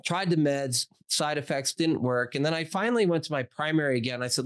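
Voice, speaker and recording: A man in his forties, a doctor and interview guest, telling a personal story in a casual, animated way, acting out quoted dialogue with lots of "like" fillers. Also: fairly high pitch, a little fast, few pauses, clean tone.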